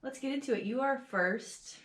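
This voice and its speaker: A woman's voice: sits high, normal speed, roomy sound. A woman co-hosting a podcast, telling a story in a gushing, giggly, casual way. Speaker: podcast co-host. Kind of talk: casual chat.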